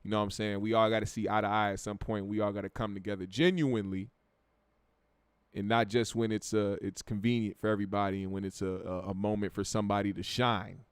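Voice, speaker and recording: A fast-talking American man with a lowish, level voice and a clean tone reads viewer comments on his casual livestream. He's laid-back and profane, repeating words as he thinks, and the recording is dry.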